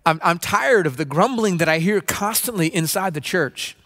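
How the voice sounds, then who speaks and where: A pastor delivering a sermon in an earnest, preacherly way, acting out grumbling voices. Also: male voice, sits high, lively intonation, normal speed, a bit bright. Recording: long reverb of a large room.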